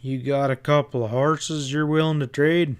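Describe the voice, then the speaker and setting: A male narrator voicing Pat, a steady, level-headed cowboy gunman who talks firmly and tersely. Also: fairly high pitch, moderate pace, clear, resonant tone, lightly acted.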